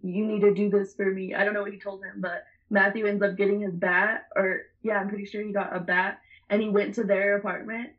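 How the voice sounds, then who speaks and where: Donna giovane dal parlare sboccato e ridanciano. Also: female voice, mid-range voice, little pitch movement, brisk, few pauses, lo-fi sound. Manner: rambling, profane, laughs often. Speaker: storyteller. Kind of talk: casual chat.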